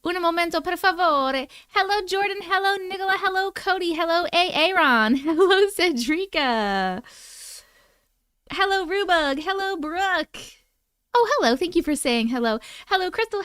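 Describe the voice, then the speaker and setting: A woman's voice: sits high, fairly bright tone, no echo, clean studio sound. A woman hosting a casual livestream, greeting chatters by name in a playful, sing-song way while snacking. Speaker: livestream host.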